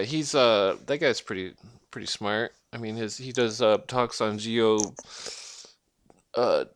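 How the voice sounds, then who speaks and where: A man's voice: mid-range voice, a bit bright, clear, resonant tone. Rambling, foul-mouthed man ranting at home. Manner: swears constantly, trails off and restarts. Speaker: vlogger ranting to camera. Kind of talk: rambling profane rant.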